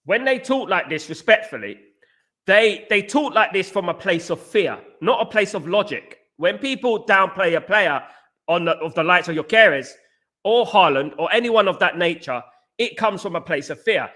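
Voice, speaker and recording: A man hosts a casual football fan show, his voice high and bright with a keen edge. He is animated and repetitive. He keeps calling his viewers guys. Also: normal speed. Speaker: fan channel host. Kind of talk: casual football chat livestream.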